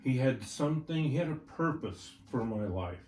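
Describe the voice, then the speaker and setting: A man's voice: mid-range voice, expressive, moderate pace, a little mellow. Older man telling a folksy story. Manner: folksy, checks in with "right?" and "all right?". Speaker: horse trainer guest. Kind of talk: personal storytelling in an interview. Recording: roomy, from a distance, faint ambience.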